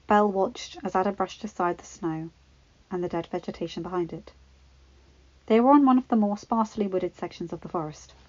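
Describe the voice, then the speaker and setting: A woman narrating a fanfiction story in an even, measured reading voice. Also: medium pitch, no echo. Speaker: fanfiction reader. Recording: dull lo-fi, dry.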